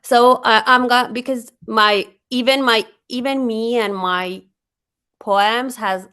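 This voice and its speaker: A woman's voice: fairly high pitch, fairly even intonation, bright, forceful tone, clear, resonant tone. A woman poet from Iran with a heavy Persian accent, speaking hesitantly and then reading her poem aloud over a video call. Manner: hesitant, halting with many fillers. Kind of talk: poetry reading.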